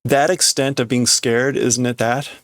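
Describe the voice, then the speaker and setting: A man casually reading a comic aloud and translating it, halting and thinking aloud as he goes. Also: mid-range voice, flat delivery, a bit bright, dry recording. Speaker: streamer reading a manga.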